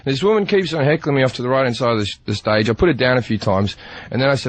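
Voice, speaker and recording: A man's voice: medium pitch, fast talker. A man with an Australian accent, a guest comedian telling brash anecdotes in a radio studio and laughing through his own punchlines. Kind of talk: comic storytelling on radio.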